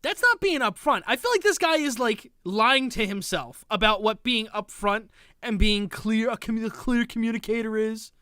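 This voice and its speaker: A woman's voice: a little high, animated, moderate pace, a bit bright, no room sound, studio quality. A woman streaming, reacting to a clip in a sarcastic, exasperated, mocking way. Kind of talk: casual reaction commentary.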